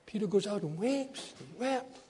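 Pastor guy preaching, kinda high voice but mellow, repeats stuff a lot, gets quiet then loud. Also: animated, moderate pace, slightly rough. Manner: preaching with rising emphasis and repeated phrases. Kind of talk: sermon.

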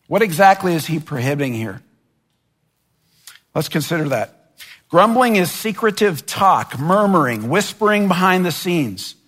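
A man delivers a sermon in a noticeably high voice, taking his time over each phrase. He speaks earnestly and now and then voices imagined complaints with mounting force. His words ring out with a long reverb, as in a large hall. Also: sing-song, unhurried, a bit bright. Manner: earnest preaching, voicing imagined complaints with rising intensity. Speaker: pastor.

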